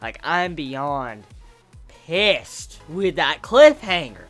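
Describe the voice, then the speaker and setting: A woman giving a casual anime review, excitable and profane, ranting in bursts. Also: lowish voice, takes it slowly, soft background music.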